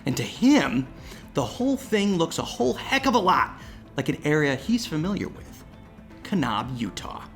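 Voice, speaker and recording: A young man hosting and telling a campfire ghost story, dramatic, dropping to hushed whispers and jumping to excited outbursts. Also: a little high, moderate pace, faint music behind. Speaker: host and storyteller.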